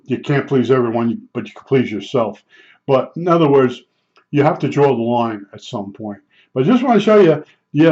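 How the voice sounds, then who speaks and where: A man's voice: on the high side, warm tone. An older man telling rambling, blunt stories in a vlog, with frequent restarts. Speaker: vlogger. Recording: dull lo-fi sound.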